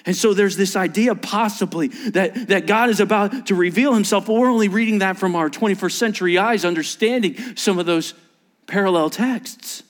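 A man preaching a sermon as a pastor, animated and acting out quotes in changing voices. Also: high voice, moderate pace.

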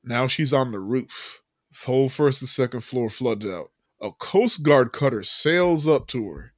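A man's voice: medium pitch, expressive, unhurried, no room sound, clean studio sound. A man hosting a podcast, telling a movie recap in a loose, casual way, full of fillers, with frequent laughs. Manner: loose storyteller, many fillers, laughs often. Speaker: podcast host.

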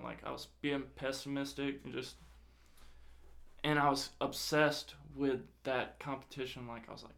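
A young man with a creaky, mid-range voice tells a personal story casually at normal speed, swearing often. He brings the story to life by performing the quoted dialogue.

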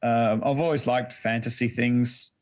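A man's voice: mid-range voice, steady tone, measured pace. Hesitant man with a muffled voice. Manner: hesitant, lots of ums. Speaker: guest. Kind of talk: casual interview answer. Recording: dull, muffled sound.

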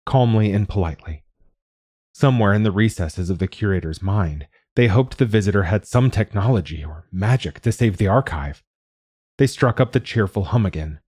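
Guy reading a story, deep dark husky voice, slow n measured. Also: dry recording, clean studio sound. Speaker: narrator and host. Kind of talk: scripted story narration.

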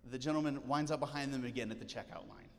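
A man's voice: mid-range voice, fast. A male pastor giving a casual, joking sermon from a church stage, full of fillers and asides. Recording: church hall reverb, faint noise.

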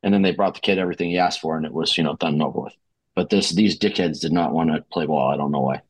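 A man's voice: a bass voice, fast talker, a crowd in the background. A man with a Boston accent hosting a sports podcast, telling rambling, profane stories in casual chat. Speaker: podcast host.

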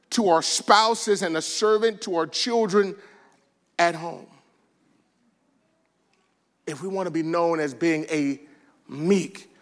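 A man preaching a sermon, telling stories with lively bursts of shouting and quiet, soft asides. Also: high-pitched. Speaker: pastor.

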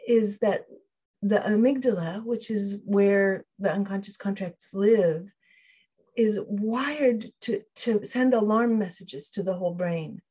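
A woman guest on an interview podcast, an emotional wellbeing trainer, explains her ideas thoughtfully, often restarting and quoting inner voices. Her medium-pitched voice is mellow and husky, and she speaks slowly.

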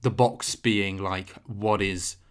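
A young man co-hosting a comedy podcast, talking in a dry, deadpan, meandering way. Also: lowish voice, takes it slowly, smooth. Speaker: podcast co-host.

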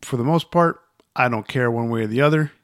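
In a clean, echo-free studio recording, a male podcast co-host chats casually in a brisk, mid-range voice with a fairly bright tone. He rambles, often restarting and repeating words, and grows emphatic, his voice rising as he drives his points home.

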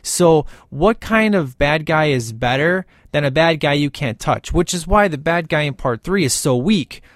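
A man's voice: on the high side, expressive, normal speed, dry recording, clean studio sound. A man talking casually and enthusiastically about a movie sequel, rambling with frequent restarts. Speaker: movie reviewer.

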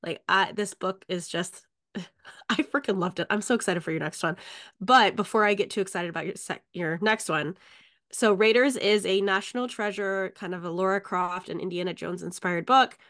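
A woman hosts a casual podcast interview in a voice of middling pitch. She gushes with enthusiasm and says "like" a lot. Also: moderate pace, fairly bright tone. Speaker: podcast host.

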